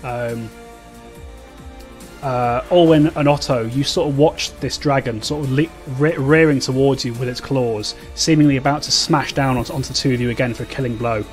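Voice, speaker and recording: This medium-pitched man runs a tabletop role-playing game, his narration broken up by fillers and repeated false starts, with soft music in the background.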